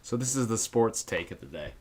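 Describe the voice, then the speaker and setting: A man's voice: fairly low pitch, expressive, brisk. A man co-hosting a podcast, giving short dry reactions and telling his co-host what to play. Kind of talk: casual chat.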